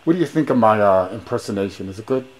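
A man with a fairly low voice talks on a phone call in a rhyming, preachy, sing-song patter. He is pushy and grandiose, piling up rhymes in long run-on sentences as if giving a sermon. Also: lively intonation, fast talker. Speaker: caller.

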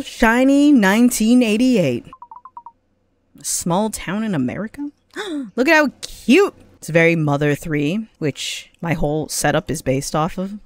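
A woman's voice: fairly high pitch, no echo. A young woman streamer casually commentating a game, swearing, laughing and reading game text aloud.

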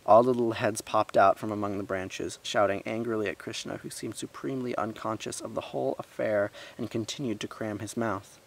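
A man reading a story aloud in a lively way, giving the characters voices and adding his own remarks. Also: fairly low pitch, a little fast, gravelly, hardly any pauses.

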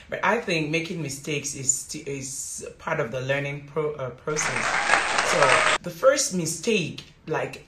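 A woman's voice: sits low, fairly bright tone, a little hiss or hum. A woman from Africa, a teacher giving casual advice in a rambling way, repeating words and using many fillers. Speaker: English teacher and vlogger. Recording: roomy echo.

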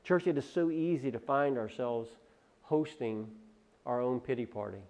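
A man preaching a sermon as pastor, firing off loud rhetorical questions and then dropping to quiet asides, often repeating and restarting words. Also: medium pitch, normal speed.

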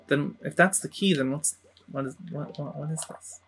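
A game streamer giving casual, laid-back play-by-play commentary in quiet asides. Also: mid-range voice, normal speed, faint music behind.

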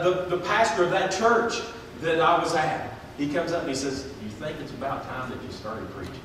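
A man's voice: sits high, fairly bright tone, a little hiss or hum. Man, pastor, earnest folksy sermon, old-fashioned scripture reading, distant mic, long church reverb. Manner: earnest, folksy preaching with plain everyday grammar; reads scripture aloud in old-fashioned wording. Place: church sanctuary. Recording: echoey church hall, voice from far off.

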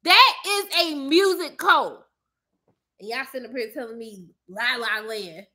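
A young woman with a high, bright voice talks straight to her viewers in a casual, blunt rant. She is sassy and emphatic, with a fired-up edge to her delivery. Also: measured pace. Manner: blunt, animated, sassy ranting. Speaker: movie commentator.

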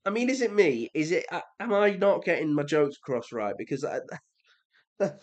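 A young man with an English accent, chatting casually as he reacts to comments, sarcastic and prone to exasperated high-pitched rants. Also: very animated, normal speed. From England. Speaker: reaction video creator.

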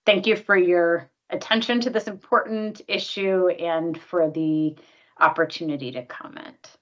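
A woman reading a prepared statement in a formal, measured way as an advocate testifying at a public hearing. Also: on the low side, fairly bright tone, lo-fi sound.

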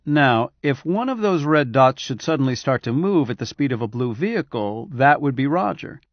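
A man reading a science fiction novel aloud in steady, measured scripted narration. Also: mid-range voice, no echo, lo-fi sound. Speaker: audiobook narrator.

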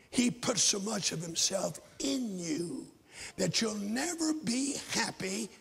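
Raspy older man preaching in an echoey hall. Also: high-pitched. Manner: fervent storytelling preaching, swinging from shouts to whispers. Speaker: pastor. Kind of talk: sermon.

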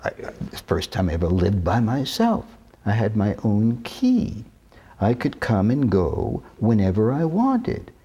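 Brief: husky-voiced man, 60s, interview guest, lively, lowish, careful deliberate delivery. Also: dull audio. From New York. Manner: measured, deliberate, careful diction. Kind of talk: reminiscing interview talk.

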